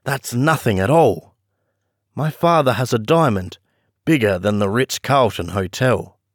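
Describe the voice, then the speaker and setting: A man's voice: medium pitch, animated, unhurried, no echo, clean studio sound. A man voicing a boastful, scornful rich teenage schoolboy in a storybook reading. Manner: scornful, confiding.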